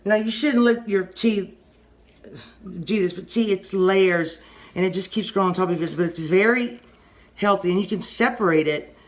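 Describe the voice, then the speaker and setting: Rambling Southern woman in her kitchen. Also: mid-range voice. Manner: rambling, halting, often restarts sentences. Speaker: home cooking channel host. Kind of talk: casual kitchen how-to demonstration.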